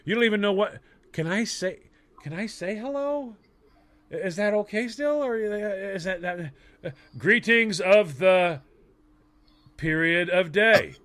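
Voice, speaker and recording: A man's voice: high voice, lively intonation, slow, a bit bright. A man co-hosting a podcast, talking in playful, rambling casual banter. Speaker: podcast co-host.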